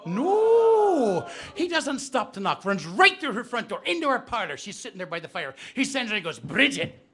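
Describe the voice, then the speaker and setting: A man's voice: high voice, very animated, fast, pushed and bright. A man telling comic stories live to an audience in a bookstore, chatting with the crowd. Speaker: storyteller.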